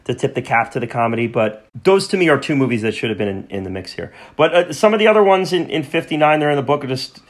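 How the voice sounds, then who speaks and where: A man hosting a relaxed film podcast, his voice sitting in an ordinary middle register. He rambles, doubles back on his words and stumbles over foreign names. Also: medium pitch, fast, hardly any pauses. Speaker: podcast host. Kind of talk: casual film chat.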